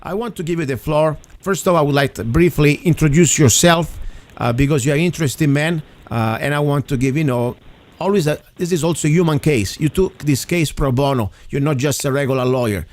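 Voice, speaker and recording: A man hosting an interview show, speaking earnestly and haltingly, with frequent restarts and fillers. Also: a little high, darkish tone. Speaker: interview host. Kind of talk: opinionated talk show monologue.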